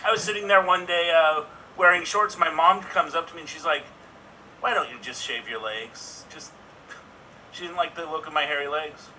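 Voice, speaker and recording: Very bright-voiced man, casual. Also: a little high, moderate pace, distant mic, a little hiss or hum, low-quality recording. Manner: casual storytelling. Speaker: improv performer. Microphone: video call mic.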